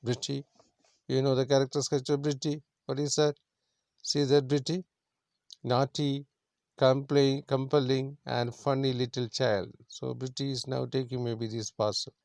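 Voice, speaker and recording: A man's voice: mid-range voice, level tone, unhurried, vocal fry, darkish tone, dry recording. A man teaching an English story lesson, explaining words simply and repeating himself with many fillers. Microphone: screen recording.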